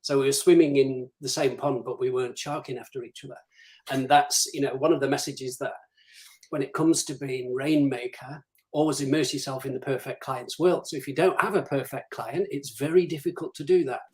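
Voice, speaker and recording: A man's voice: mid-range voice, steady tone, brisk, a little mellow, rough recording. Guy giving practical biz advice over a video call, chatty, acts out what clients ask him. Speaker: guest, business development director. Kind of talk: casual live-stream interview.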